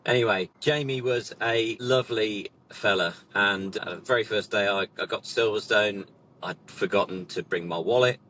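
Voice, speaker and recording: A man's voice: on the low side, normal speed, fairly bright tone. A middle-aged man, a racing instructor, telling a rambling, self-deprecating anecdote from his car while sat in traffic. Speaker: racing instructor and vlog host. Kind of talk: casual anecdote.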